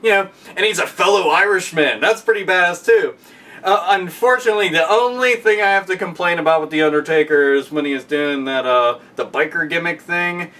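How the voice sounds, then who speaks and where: A man ranting casually and profanely, excitable, often breaking into loud shouted impressions. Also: a little high, brisk, far from the mic. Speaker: podcast guest.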